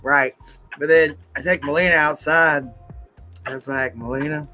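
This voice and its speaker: A man's voice: fairly high pitch, fairly even intonation, unhurried, pushed and bright, faint music behind. A man co-hosting a casual chat show, telling stories in a rambling way with restarts and quoted voices. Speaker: podcast co-host.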